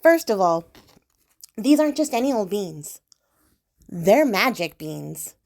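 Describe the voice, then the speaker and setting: A woman's voice: mid-range voice, big pitch swings, slow pace, gravelly, darkish tone, exaggerated voice. A woman voicing a sly little old man, a traveler who wheedles and insists like a salesman.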